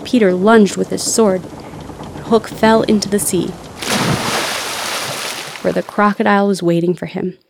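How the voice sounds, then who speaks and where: A woman narrating a children's storybook in a clear, steady storytelling voice. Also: mid-range voice, unhurried, pauses often, heavy background noise.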